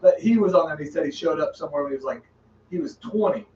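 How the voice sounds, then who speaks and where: A man's voice: a little high, expressive, quick pace, darkish tone, roomy sound, recorded from a distance, lo-fi sound, a little hiss or hum. A man co-hosting a live podcast, rambling and trailing off as he chats. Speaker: podcast co-host. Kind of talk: casual chat.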